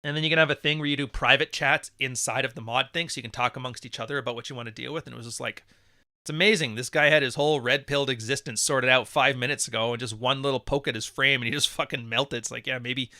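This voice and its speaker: A man's voice: medium pitch, steady tone, quick pace, pushed and bright, no echo, studio quality. A man hosting a live podcast, reading chat messages and talking in a blunt, profane, wisecracking way. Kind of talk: casual livestream monologue.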